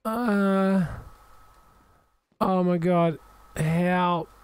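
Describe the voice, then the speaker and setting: A man hosting a casual multiplayer game session, excitable, swearing often and laughing between lines. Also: high-pitched, drawn-out words, a crowd in the background. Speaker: gaming channel host.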